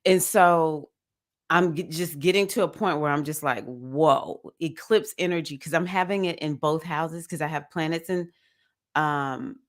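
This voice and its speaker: A woman's voice: low-pitched, unhurried. A woman hosting a casual spiritual livestream, chatting to viewers about astrology, laughing often and addressing them as y'all.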